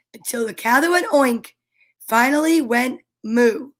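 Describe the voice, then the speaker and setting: A woman reads a children's picture book aloud, slow and unhurried. Her voice sits high, and she plays the story out with animal noises. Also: animated, fairly bright tone.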